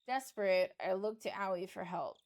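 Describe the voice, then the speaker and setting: A woman's voice: mid-range voice, moderate pace. A woman streamer narrating a game playthrough in a playful manner, reading the dialogue aloud.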